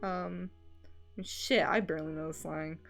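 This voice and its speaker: A woman's voice: low voice, steady tone, a little slow, gravelly, soft background music. A woman from Scotland with an Edinburgh-area Scottish accent, chatting casually on a livestream, rambling with lots of fillers and casual swearing. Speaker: streamer. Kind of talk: casual livestream chat while drawing.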